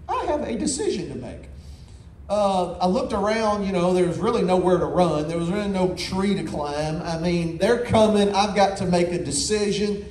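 Pastor, male, high-pitched and lively, folksy storyteller who stumbles and repeats words; echoey church hall with faint room noise. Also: normal speed, hardly any pauses. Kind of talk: sermon.

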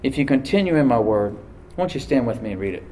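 With a mid-range, slightly mellow voice, a middle-aged pastor delivers an animated, quick-paced sermon, urging on his congregation and driving points home through repetition. The church hall gives the recording a roomy echo, along with a little hiss or hum.

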